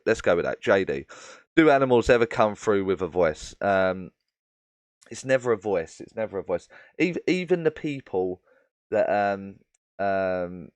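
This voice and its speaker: A man with a low voice, recorded with no echo, hosts a live question-and-answer stream as a medium. He explains things at length, using many fillers and addressing viewers by name.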